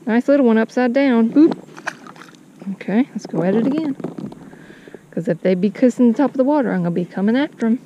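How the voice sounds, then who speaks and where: A chatty woman narrates while fishing from a kayak outdoors. She talks to the fish and her viewers with folksy phrases. Wind and water noise sit clearly behind her voice. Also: on the high side, animated, quick pace, mellow, highs cut off. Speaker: fishing vlogger.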